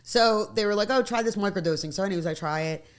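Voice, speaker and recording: A woman from South Philadelphia with a Philadelphia accent, a guest telling stories in casual interview chat, animated and swearing freely. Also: medium pitch, fast. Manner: animated storyteller who swears freely and acts out quotes.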